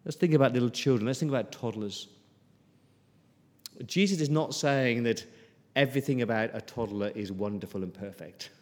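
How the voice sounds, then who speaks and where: A man preaching an earnest sermon, often repeating words and dropping into soft, pleading passages. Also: mid-range voice, normal speed. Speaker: pastor. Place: church hall. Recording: long church reverb.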